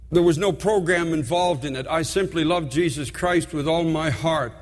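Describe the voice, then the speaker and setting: A man with a high voice delivers a sermon as a pastor, earnest and heartfelt, slowing down to press his points through repetition. His voice rings out with a long reverb trailing behind it. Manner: earnest, heartfelt preaching with slow emphatic repetitions.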